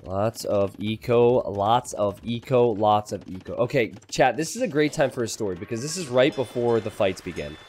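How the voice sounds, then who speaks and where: A young man casting a game live for his stream, joking with chat and teasing himself in an excitable way. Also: lowish voice, moderate pace, few pauses, slight background noise.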